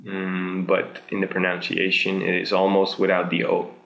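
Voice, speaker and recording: A young Dutch man with a Dutch accent, chatting casually through a language tutorial with many pauses. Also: low-pitched, completely flat delivery, gravelly, fairly bright tone, roomy sound, highs cut off. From Netherlands. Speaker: video host.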